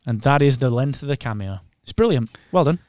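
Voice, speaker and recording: Brief: male podcast co-host, mid pitch, mocking tone, dry close mic. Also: expressive, a little fast, a little mellow, dry recording. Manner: sarcastic, mocking, slips into impressions. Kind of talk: casual chat.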